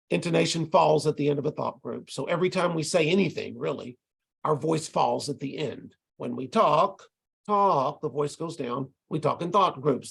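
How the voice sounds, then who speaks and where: Guy lecturing tutors over a video call, kinda gravelly and husky, explains things patiently. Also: a little high. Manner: explanatory, demonstrates rhythm by chanting syllables. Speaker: ESL instructor training tutors. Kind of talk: online lecture.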